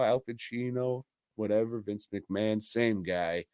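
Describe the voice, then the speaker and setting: A man talks slowly and loosely in a casual podcast chat, recapping a film with crude humor and bursts of laughter. His voice sits at an ordinary middle pitch. The sound is dry and close, with no room around it. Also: darkish tone, dry recording. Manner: rambling, crude, laughing, mimics film characters. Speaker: podcast co-host. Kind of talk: casual movie review chat.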